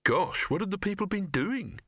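An earnest, naive young man, as a male narrator puts him on, speaking plainly with a touch of eagerness. The voice sits a little above the reader's own, bright and close on a dry recording. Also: high voice, animated, normal speed, dry recording, pitched above the performer's own voice, heavily acted.

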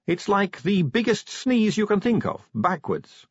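A man's voice: high-pitched, big pitch swings, unhurried, slightly rough, no room sound, voice pushed up, exaggerated voice. A man voicing a cheeky, teasing young female vampire constable in a chatty, breezy manner. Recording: dull lo-fi recording.

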